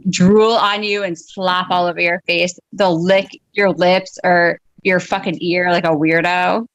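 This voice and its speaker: A stand-up comedian in her thirties does a profane, blunt and exasperated rant over a video call, swearing nonstop and stuffing each line with fillers. Her voice is fairly low with little pitch movement and a slightly slow pace, and the rough recording has no room sound.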